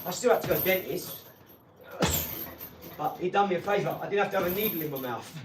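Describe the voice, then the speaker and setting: A man's voice: sits high, quick pace, pauses often, over loud music. A man hosting a live stream, chatting casually to viewers and telling stories, calling them mate and geezer. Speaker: livestream host. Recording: echoey room, mic at a distance.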